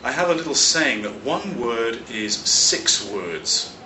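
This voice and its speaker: A man from London, a teacher explaining vocabulary in a clear, measured lesson, stressing key words. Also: medium pitch, lively intonation, far from the mic, background noise. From London, England. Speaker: English teacher and teacher trainer. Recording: roomy echo, slightly off-mic.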